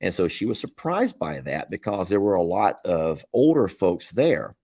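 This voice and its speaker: Man, southern American accent, very low voice, dry close sound, folksy live-stream chat, rambling and chuckling. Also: sing-song, moderate pace, dark tone, no echo.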